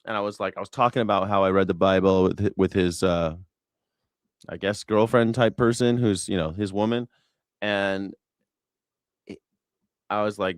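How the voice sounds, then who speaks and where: A man's voice: on the low side, steady tone, moderate pace, pauses often, smooth, no echo. Loose, profane man ranting dry. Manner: loose, profane, laughing storytelling. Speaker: show host. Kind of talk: comedic rant.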